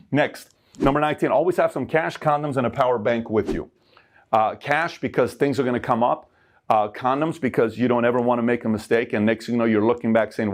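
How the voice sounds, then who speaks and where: A middle-aged man from Iran giving a motivational talk of life advice, emphatic and animated, acting out the people he quotes. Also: mid-range voice.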